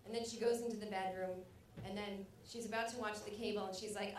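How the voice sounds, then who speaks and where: A woman's voice: medium pitch, steady tone, a little fast, distant mic, a little hiss or hum. Rambling woman comic, echoey room. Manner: rambling, self-mocking, loud acted outbursts. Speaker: stand-up comedian. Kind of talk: stand-up set. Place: comedy club stage. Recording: echoey club recording from afar.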